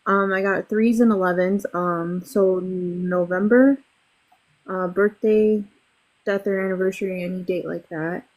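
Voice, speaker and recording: Brisk woman reader checking with her sitter. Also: on the low side, fairly even intonation, a little mellow, low-quality recording. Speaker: psychic reader. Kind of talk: live online reading.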